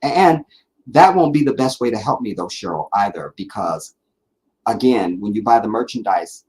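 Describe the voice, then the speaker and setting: A man hosts a casual live stream, reading viewer comments and chatting loosely, rambling, repeating himself, and laughing easily. His fairly low voice is animated and a little mellow at normal speed, though the audio is poor.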